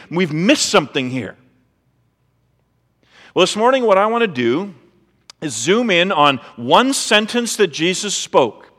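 A man's voice: high voice, fairly bright tone, long reverb tail. A man pastor preaching a sermon in a conversational way, full of rhetorical questions, in a church sanctuary.

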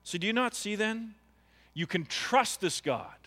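Earnest preacher with ringing bright voice. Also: male voice, sits high, animated, a little slow, long reverb tail. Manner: earnest, pleading, rising to impassioned appeals. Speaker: pastor. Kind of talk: sermon. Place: church.

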